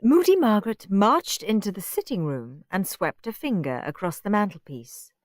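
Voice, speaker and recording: A woman narrating a children's storybook in an expressive reading voice. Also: mid-range voice, normal speed, few pauses, no room sound, clean studio sound. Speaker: audiobook reader.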